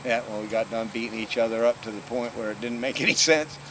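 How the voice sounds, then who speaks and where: A man's voice: mid-range voice, quick pace. An older man casually telling stories from his past, laid-back and profane, laughing often. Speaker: storyteller. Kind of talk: casual storytelling. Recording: noisy outdoor recording with crickets.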